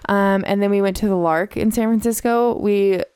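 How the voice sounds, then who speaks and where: A woman's voice: medium pitch, steady tone, moderate pace, a little mellow, smooth, no echo, clean studio sound. A young woman co-hosting a podcast, telling a story in casual, chatty talk and swearing now and then. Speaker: podcast co-host. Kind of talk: casual chat.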